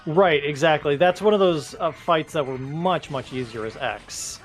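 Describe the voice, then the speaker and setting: A man's voice: fairly high pitch, moderate pace, faint music behind. A man co-hosting a gaming video, chatting drily and explaining things at length. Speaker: co-host. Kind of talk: casual gaming chat.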